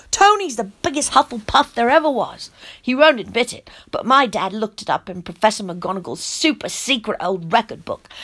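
A woman narrating a storybook in the first person, her voice animated and childlike. Her pitch sits a little high and swings widely through each sentence.

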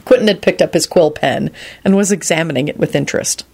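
Expressive woman reading a story, low voice. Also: quick pace, gravelly, husky. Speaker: narrator. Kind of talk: audiobook reading of fan fiction.

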